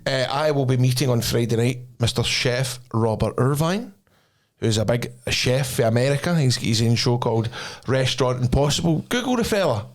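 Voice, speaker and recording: A man's voice: mid-range voice, expressive, fairly quick. A Scottish man hosting a podcast, rambling through stories in casual banter and laughing often, recorded in a podcast studio. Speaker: podcast host.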